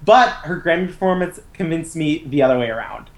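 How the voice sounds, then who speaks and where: A woman's voice: deep voice, expressive, brisk. Enthusiastic woman podcast co-host. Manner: enthusiastic, stumbling restarts. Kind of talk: casual chat.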